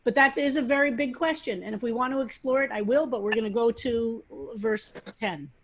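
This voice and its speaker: A woman's voice: on the high side, brisk, a little hiss or hum. A woman rabbi leading a study class, talking animatedly and throwing out question after question, with frequent restarts. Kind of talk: teaching a text study class.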